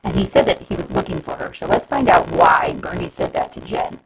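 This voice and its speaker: Casting: a woman reading a kids' novel aloud, gravelly, very lively pitch. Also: a little fast, background noise. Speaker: reader.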